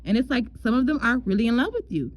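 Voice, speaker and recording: A woman's voice: a little high, expressive, fast, rough recording. A woman giving a casual astrology love reading in a chatty way, repeating herself and calling the listener "girl". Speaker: tarot love reader.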